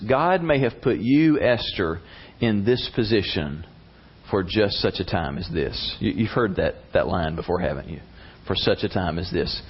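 A man preaching a sermon, retelling a story in an animated, conversational way. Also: on the low side, breathy edge. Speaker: pastor. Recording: dull lo-fi recording.

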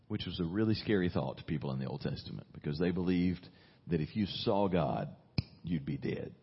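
Husky low-voiced preaching pastor. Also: male voice, lively intonation, brisk, dull audio. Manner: earnest, conversational preaching with emphatic rises. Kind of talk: sermon.

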